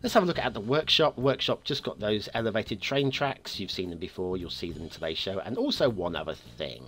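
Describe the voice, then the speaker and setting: A man's voice: on the low side, expressive, brisk, a bit bright. A man hosting a game map review show, talking in a chatty, upbeat way with playful asides.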